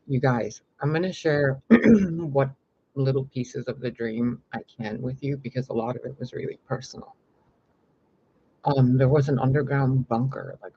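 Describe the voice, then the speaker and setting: A man telling a long dream story to his viewers in a rambling, animated way with lots of fillers. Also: slightly rough. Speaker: spiritual vlogger. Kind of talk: casual storytelling to camera. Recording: slightly dull lo-fi with faint rumble.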